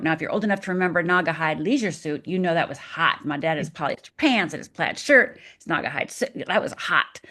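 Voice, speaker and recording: A middle-aged woman from Upper Michigan speaks as a podcast guest. Her voice sits a little low, and she tells her story dramatically, taking on the voices of the people in it. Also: a bit bright. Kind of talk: personal storytelling.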